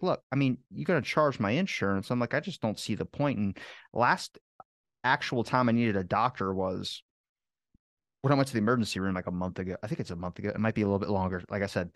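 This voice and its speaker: A man guesting on a podcast, telling rambling personal anecdotes in casual chat with quick restarts and the odd curse. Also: medium pitch, no echo, studio quality.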